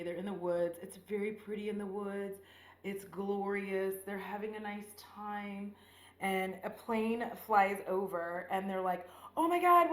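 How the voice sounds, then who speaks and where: Profane, rambling woman vlogger, echoey room. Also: mid-range voice. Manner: rambling, profane, animated retelling. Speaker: beauty vlogger. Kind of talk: casual get-ready-with-me chat. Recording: roomy echo.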